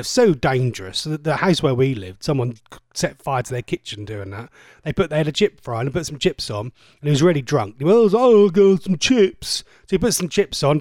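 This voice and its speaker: A man hosting a radio show, chatty and cheeky, with a lively voice that swoops up and down. He rambles, restarts his sentences and stammers over words. The studio sound is close and dry, with no room echo. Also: a little high. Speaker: radio presenter. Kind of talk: casual radio chat reading listener messages.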